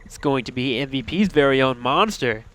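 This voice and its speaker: A man's voice: medium pitch, expressive, moderate pace, a bit bright. A young man casting an esports match, chatty and joking with his co-caster. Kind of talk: esports play-by-play commentary.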